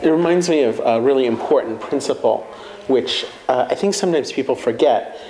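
Brisk and mid-range in pitch, this man shares personal stories and reflects on feelings as a conversational guest, acting out his own past words with animation. The audio is poor, with slight noise in the background.

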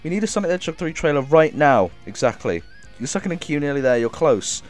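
Excitable coughing male streamer, lively pitch. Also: fast, soft background music. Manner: excitable, reads chat and thanks viewers. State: coughing, feeling ill. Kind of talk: live game stream chat.

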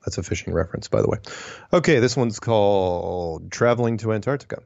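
A man hosting a solo show, reading listener emails and answering them in a wry, digressive way with puns and quick self-corrections. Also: fairly low pitch, vocal fry, darkish tone, dry recording, dull audio. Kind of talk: casual solo commentary.

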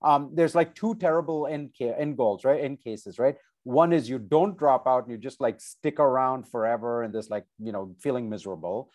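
A man's voice: medium pitch, moderate pace, few pauses. A man, a professor, giving informal advice about graduate school over a video call, chatty and conversational, often checking in with "right?" and "okay?". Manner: animated, conversational, many asides like "right?" and "okay?".

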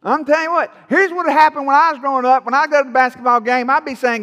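A man's voice: very high voice, quick pace, few pauses, pushed and bright, big-room sound. A man preaching a sermon to his congregation, folksy and playful, teasing the people in the pews. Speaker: pastor. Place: church sanctuary.

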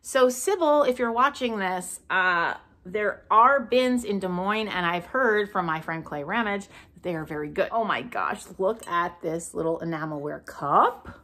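A woman's voice: medium pitch, animated, unhurried, few pauses, sharp tone. A woman talking in a casual vlog, her voice jumping all over the place as she gushes and exclaims over little finds. It is an easy, chatty way of talking, full of delight at each new thing. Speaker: thrift vlogger.

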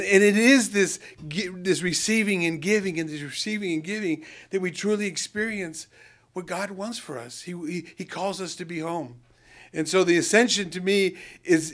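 Animated storyteller, high male voice. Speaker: prison ministry volunteer. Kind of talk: sharing a faith story in a prayer group.

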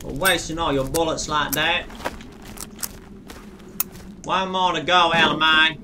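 A man hosting a let's play, cursing and reacting excitably as he plays. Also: fairly high pitch, a little slow, pauses often, noisy background. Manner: profane, excitable running reactions. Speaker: gaming channel host. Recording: distant mic with loud game music. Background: game music.

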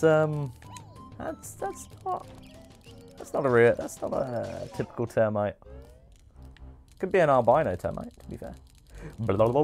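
Male streamer, lively swooping delivery, chatty gameplay commentary, game music faint behind. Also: medium pitch. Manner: excitable, chatty, quick exclamations and cheers. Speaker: streamer hosting a speedrun.

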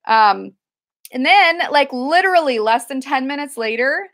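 A woman with a slightly high voice talks through her thrift finds in a casual, rambling way. She circles back on herself with plenty of fillers and restarts. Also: animated, a little slow, a bit bright. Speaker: thrift reseller vlogger. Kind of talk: casual haul video chat.

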